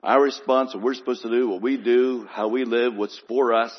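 A man preaching a sermon in an earnest, unhurried way, piling up emphatic lists. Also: mid-range voice, fairly even intonation. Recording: muffled, long church reverb.

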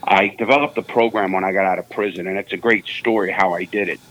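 Blunt streetwise man, low voice. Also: fast, poor audio. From New Jersey. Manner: blunt, streetwise, repeats words when excited. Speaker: guest speaker. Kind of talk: casual storytelling interview.

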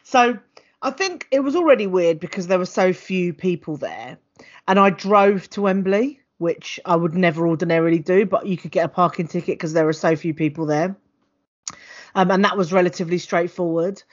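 A woman's voice: on the low side, moderate pace. Chatty woman on a dull call. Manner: chatty, animated storytelling. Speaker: podcast co-host. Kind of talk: casual chat. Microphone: home mic on a video call.

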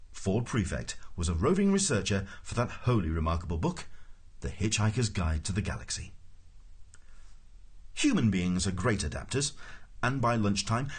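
A man's voice: fairly low pitch, breathy edge. A man reading a comic novel aloud in scripted narration, with a dry, wry storytelling manner. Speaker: audiobook narrator.

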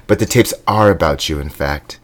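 A deadpan man co-hosting a comedy podcast. His voice is very low, and he delivers his teasing dry and unhurried. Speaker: podcast co-host.

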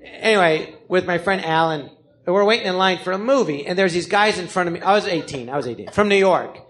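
A male comedian tells stories in front of a live podcast audience. He rambles, catches his own mistakes, and keeps his voice pitched fairly high. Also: a little fast. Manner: rambling, animated, self-correcting. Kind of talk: live comic storytelling.

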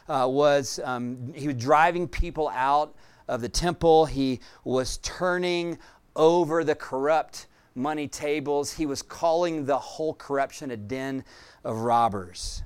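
A man preaching a sermon as pastor, earnest, with frequent fillers and pauses. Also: on the high side, smooth.

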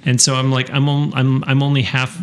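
A man's voice: medium pitch, completely flat delivery, fairly quick, a crowd in the background. A man from Western New York hosting a podcast interview, chatty and rambling, with frequent restarts. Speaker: podcast host. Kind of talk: casual interview and show announcements.

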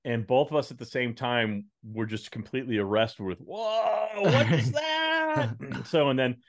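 A man's voice: medium pitch, normal speed. A man co-hosting a podcast in casual chat, playful and dryly sarcastic. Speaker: podcast co-host.

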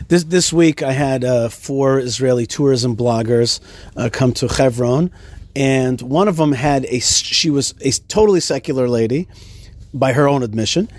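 A man hosting a podcast, telling stories in a lively, animated way with many restarts. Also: mid-range voice, moderate pace, dry recording. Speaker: host. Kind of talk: casual podcast conversation.

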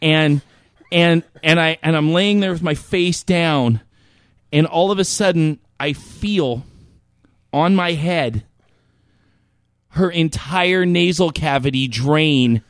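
A man's voice: on the high side, takes it slowly, pauses often, clean tone, dry recording, clean studio sound. A young man on a podcast, telling a story animatedly and swearing now and then. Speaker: podcast co-host. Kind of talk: casual chat.

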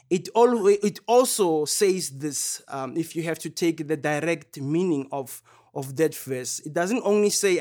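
High-voiced earnest male preacher. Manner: earnest, shifts between loud calls and hushed low phrases. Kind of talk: sermon.

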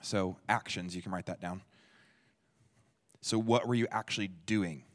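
Quizzing listeners and repeating their answers, a low-voiced man leads a relaxed, conversational teaching session at a church at a measured pace. A big hall gives the sound a long reverb.

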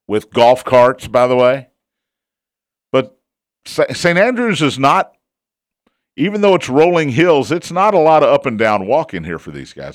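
A man's voice: mid-range voice, dry recording, studio quality. A man hosting a casual sports talk show, chatty and opinionated, who asks himself questions and answers them.

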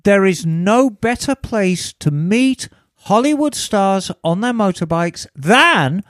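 A woman co-hosting a podcast, giving tips in an expressive, casual way. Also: medium pitch, slow pace, dry recording, clean studio sound. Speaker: podcast co-host. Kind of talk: casual chat.

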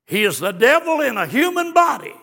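A man preaching a fiery sermon, swinging from hushed storytelling to shouted exclamations. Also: very high voice, big pitch swings, a little fast, creaky. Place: church sanctuary. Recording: long church reverb.

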